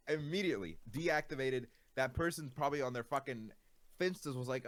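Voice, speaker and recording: A male streamer vents to his audience in loose, profane talk. His pitch swings widely as he gets worked up, then dips low and quiet when he calms. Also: normal speed. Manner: exasperated ranting, profane, lots of fillers. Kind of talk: casual stream chat.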